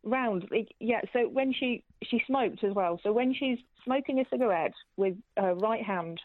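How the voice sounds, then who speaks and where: A woman's voice: a little high, normal speed, dry recording. Chatty woman caller on a phone line. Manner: chatty, rambling storyteller. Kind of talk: casual phone chat.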